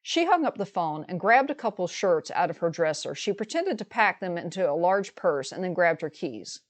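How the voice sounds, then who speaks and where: A middle-aged woman calmly recounting a personal story in a measured, matter-of-fact way. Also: on the low side. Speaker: vlogger telling a personal story. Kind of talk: storytelling monologue.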